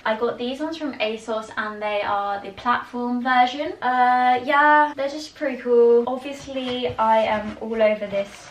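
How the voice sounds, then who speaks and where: A young British woman vlogging casually about her sneakers, chatty and gushing with quick asides. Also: fairly high pitch, fairly even intonation, roomy sound, recorded from a distance, slight background noise, low-quality recording. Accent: British English. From England. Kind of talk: casual sneaker collection haul.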